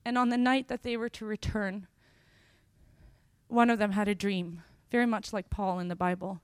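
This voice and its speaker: A woman preaching a sermon, telling Bible scenes with lively voices and slowing down on key phrases. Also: medium pitch, clean tone, no room sound. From Sweden. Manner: expressive, acts out scenes with sudden loud bursts.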